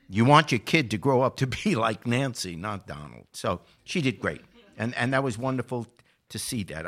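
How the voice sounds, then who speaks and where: An older man talking politics on a podcast, his bright, forward voice swinging widely in pitch. He moves from measured remarks into impassioned, indignant outbursts, hammering his points. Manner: impassioned, rising to indignant emphasis. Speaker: podcast regular. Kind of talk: political commentary.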